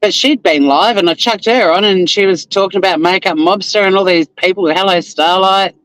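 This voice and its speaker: The speaker is a lawyer and live-stream host with an Australian accent, chatting casually from his car while driving to work. He greets viewers by name and swears occasionally in a high-pitched, bright, clean-toned voice at a moderate pace, though the recording is low-quality.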